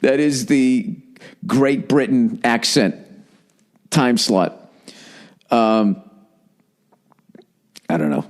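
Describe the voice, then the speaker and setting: A man's voice: expressive, drawn-out words, long pauses. A middle-aged man from the United States hosting a podcast, riffing in a rambling, exasperated comic monologue full of profanity. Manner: frequent profanity, exasperated, mimics people in high voices. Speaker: podcast host.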